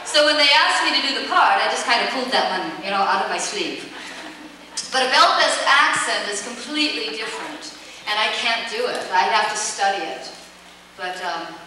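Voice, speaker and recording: A chatty woman in her forties answers fan questions, laughing easily and dropping "you see" into her sentences. Her slightly high voice rings through a large hall, picked up from far away. A steady noise sits under the whole recording. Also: moderate pace. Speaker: actress guest at fan convention Q&A. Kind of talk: casual Q&A answers. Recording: echoey hall taped from far off, noisy.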